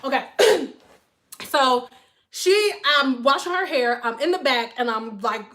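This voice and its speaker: Animated, profane woman from Detroit. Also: high voice, a little slow. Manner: animated, profane, thanks donors mid-story. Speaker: hairstylist and livestream host. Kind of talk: livestream storytelling.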